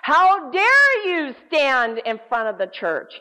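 A woman voicing a deep, menacing male demon, drawing each threat out slowly. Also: huge pitch swings, bright, forceful tone, in a large hall, heavily acted. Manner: slow, drawn-out threatening delivery. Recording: dull lo-fi recording.

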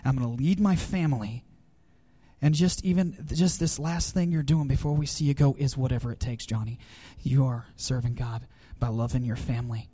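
A man's voice: mid-range voice, flat delivery, a little fast, few pauses, warm tone, slightly rough. A youth pastor, a man, giving a heartfelt farewell tribute at a church gathering, choked up with emotion and laughing nervously.

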